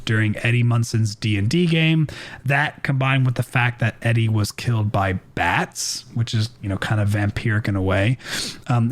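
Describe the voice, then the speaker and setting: A man co-hosting a podcast, chatting casually and animatedly and quoting characters. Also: medium pitch. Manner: animated, laughs, quotes characters. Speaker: podcast co-host. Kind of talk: casual chat.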